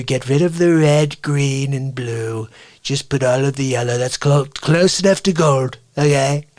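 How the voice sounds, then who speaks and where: A man's voice: medium pitch, a little mellow, natural voice. A man doing a brash, boastful president impression. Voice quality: clipped, bragging catchphrase delivery. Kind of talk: live comedy stream impression.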